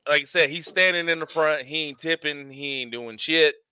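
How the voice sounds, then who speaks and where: A man chats on a podcast in a slangy way, saying "bro" a lot. His voice is bright and smooth and sits a little high, recorded close and dry. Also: moderate pace. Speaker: podcast co-host. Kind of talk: casual podcast chat.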